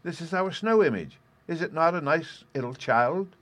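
A man's voice: medium pitch, lively intonation, unhurried, dry recording, voice pushed up. A man doing an eager small boy.

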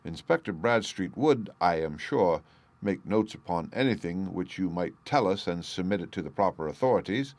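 Brief: man reading a measured, shrewd detective, lowish voice, close and dry. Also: expressive, darkish tone, no room sound. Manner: measured, composed, precise. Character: calm shrewd Victorian detective, adult man.

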